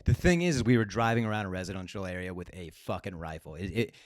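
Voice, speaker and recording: A young man co-hosting a comedy podcast, telling an animated, profane story in casual chat. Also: deep voice, quick pace, no echo, studio quality.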